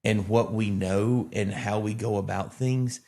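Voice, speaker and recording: A man from Alabama, a pastor in casual conversation who rambles and tells animated stories with self-deprecating humor. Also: lowish voice, a little slow. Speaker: pastor and podcast co-host.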